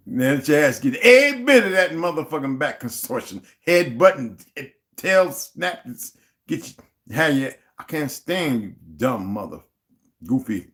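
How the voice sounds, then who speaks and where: A man's voice: on the high side, very animated, measured pace, fairly bright tone. Profane, heated man ranting on a livestream. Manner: greets viewers and reads their chat comments aloud. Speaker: livestream host. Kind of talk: unscripted livestream rant.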